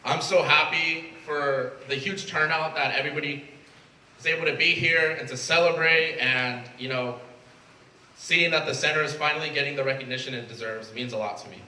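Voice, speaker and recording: A man's voice: fairly high pitch, steady tone, moderate pace, sharp tone. A young man from Mexico, the new president of a student club, giving an earnest, emotional prepared speech. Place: event space at a college. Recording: echoey room from far off, faint ambience.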